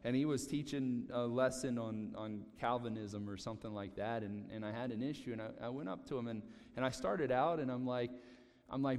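A man preaches in a relaxed, conversational way, restarting and repeating phrases as he goes. His voice sits at a middle pitch. A long reverb trails off every sentence from the large hall. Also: fairly quick. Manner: conversational, animated preaching with repetitions. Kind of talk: sermon.

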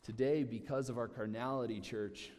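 Man, preacher, chatty sermon, repeats phrases, mid pitch, long hall echo. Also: normal speed. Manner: conversational, animated preaching with repetitions.

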